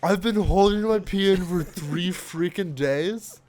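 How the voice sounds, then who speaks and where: A man's voice: high-pitched, a little slow, a little mellow, slight background noise, pitched above the performer's own voice. A man putting on an impression of a boastful older male politician, exclaiming in exaggerated bursts.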